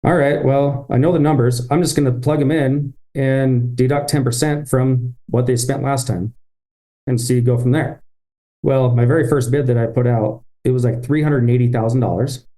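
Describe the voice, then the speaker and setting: A man's voice: mid-range voice, fairly even intonation, moderate pace, warm tone. A man, a business-owner guest on a podcast, telling a story and acting out his own past thoughts and phone calls.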